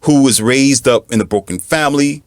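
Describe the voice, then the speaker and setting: A man's voice: mid-range voice, normal speed, dry recording. A man giving an emphatic, repetitive lecture as a relationship coach. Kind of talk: lecturing monologue.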